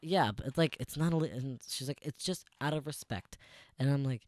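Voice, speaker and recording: A man's voice: mid-range voice, fairly quick, darkish tone, dry recording. A young man talks into a close podcast mic, dry and near with no room sound. He retells a work story casually and sarcastically, swearing freely. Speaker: podcast co-host.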